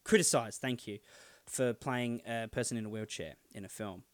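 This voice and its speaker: An Australian man co-hosting a podcast in casual, jokey banter, laughing often and firing back quick comebacks. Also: mid-range voice, dry recording. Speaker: podcast co-host.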